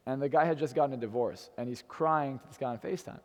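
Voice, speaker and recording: A man's voice: mid-range voice, quick pace, big-room sound. A young man in his twenties telling a brash, swearing personal story to an audience in a hotel event room. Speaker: motivational speaker.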